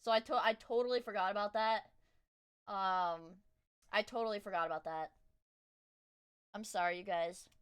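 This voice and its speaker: A woman streamer chatting casually to her live viewers while reacting to a video, excitable and rambling, often breaking off to apologize. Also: medium pitch, normal speed, long pauses, smooth.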